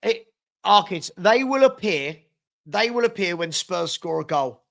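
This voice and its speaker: A man's voice: sits high, lively intonation, measured pace, creaky, fairly bright tone. A man hosting a live football watchalong, calling the play and groaning at his team while chatting to viewers by name. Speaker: watchalong host.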